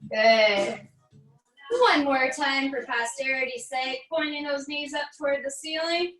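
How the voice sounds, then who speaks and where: An American woman, a fitness instructor, calmly guiding a barre stretching class with encouraging cues and light jokes. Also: high voice, a little slow, roomy sound, far from the mic, soft background music, poor audio.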